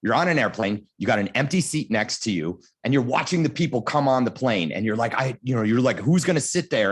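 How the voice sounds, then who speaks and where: A man on a panel giving advice as a motivational speaker, telling lively stories and acting out little scenes. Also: medium pitch. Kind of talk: storytelling advice.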